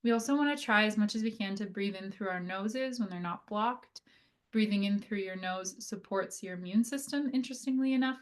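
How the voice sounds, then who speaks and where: Woman therapist giving a relaxed health lecture. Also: mid-range voice. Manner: conversational, frequent "right?" and "like" fillers; slows down to demonstrate breathing. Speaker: occupational therapist. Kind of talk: casual educational lecture.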